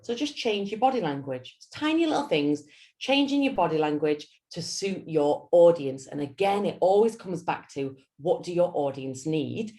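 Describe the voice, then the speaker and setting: A public speaking coach with a Yorkshire accent gives a lunch-and-learn talk, her voice on the low side and her pace moderate. She's animated and theatrical, her pitch swinging up and down.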